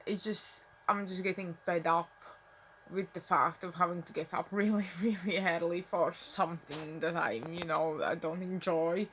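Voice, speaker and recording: Young woman, lower voice, mumbling, rambling with fillers, home phone vlog, faint background hiss. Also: steady tone, normal speed, fairly bright tone. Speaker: vlogger. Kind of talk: casual talk to camera. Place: at home, indoors.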